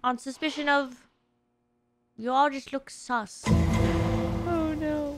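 A woman's voice: high voice, fairly even intonation, slow pace, pauses often, music in the background. A young woman streaming a video game, chatting casually and crudely, joking and giggling as she plays. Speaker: VTuber streamer. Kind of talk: casual gameplay chat.

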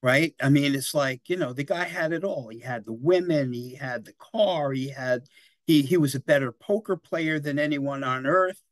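A man's voice: mid-range voice, normal speed, dry recording. Chatty older man lecturing. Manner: chatty and digressive, often tags "right?" and "you know". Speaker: library lecturer on history. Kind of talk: casual history lecture.

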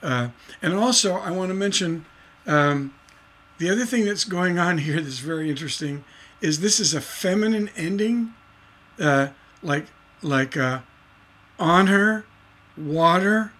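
A middle-aged man leads a livestreamed songwriting lesson. His voice sits a touch high. He explains in a rambling way, full of "uh" and restarts, and he breaks into sung nonsense syllables to show rhythms. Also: animated, normal speed, fairly bright tone. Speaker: songwriting instructor.

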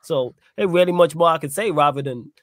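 A man with a slightly high voice gives casual, emphatic opinions on a football panel. He uses slang, and the sound is dry and close. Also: fairly quick, no room sound. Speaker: football pundit. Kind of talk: fan panel talk.

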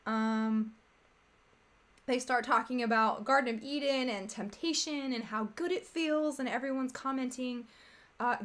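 A woman's voice: sits high, unhurried, fairly bright tone. A woman hosting a casual commentary stream, talking in a rambling, exasperated, chatty way. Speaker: streamer host.

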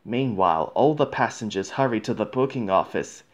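A man reading a children's storybook aloud in a gentle, measured way. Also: fairly low pitch, expressive.

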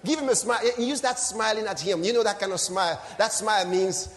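A male pastor preaching a sermon in a teasing, animated way, laughing often and swinging between soft asides and loud exclamations. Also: sits high, fairly quick.

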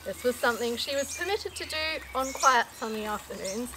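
A woman's voice: a little high, expressive, a little fast, pushed and bright, slight background noise. A woman reading a comic story aloud in an amused, playful way. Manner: amused, often laughing between lines.

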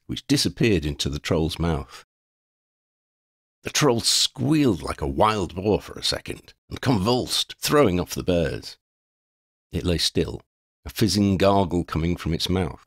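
A man reading a fan fiction chapter aloud as an audiobook narrator, with expressive storytelling. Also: low-pitched, measured pace, gravelly, dry recording, clean studio sound.

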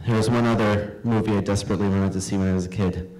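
A man's voice: on the low side, little pitch movement, fast, mellow, soft background music, rough recording. A middle-aged man, a cartoonist, reading his own comics aloud with wry, self-deprecating asides.

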